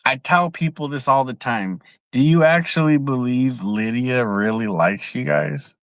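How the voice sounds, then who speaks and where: A man's voice: medium pitch, a little slow, no echo. A young man from San Jose, California, ranting bluntly and profanely on a casual livestream, often repeating himself, speaking outdoors. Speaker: livestream host.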